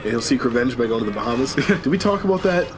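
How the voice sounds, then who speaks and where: A man's voice: medium pitch, sing-song, fast talker, crowd noise. A man casually commenting on a video game, joking and rambling as he goes. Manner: joking, rambling, self-deprecating. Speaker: let's play commentator.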